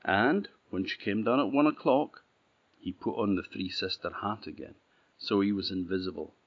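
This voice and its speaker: A middle-aged man with an Orkney Scots accent telling a folktale in a relaxed, plain-spoken way. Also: on the low side, moderate pace. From Orkney, Scotland. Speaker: storyteller. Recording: dull, slightly muffled audio.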